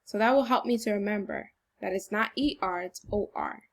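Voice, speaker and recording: A woman teacher giving a recorded phonics lesson to children, slow, encouraging and deliberately exaggerated. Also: medium pitch.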